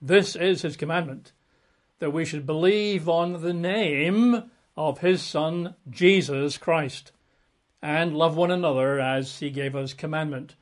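A man preaching a Bible teaching in a relaxed, conversational way, full of asides and self-corrections. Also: on the high side.

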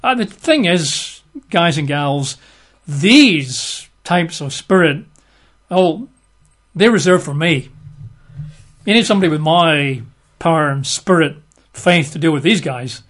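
Exasperated teacher scolding his lot, as a preacher acts him out, lively mock-scolding. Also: on the high side, slow pace, exaggerated voice. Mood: boastful. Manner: lively, mock-scolding, casual modern phrasing.

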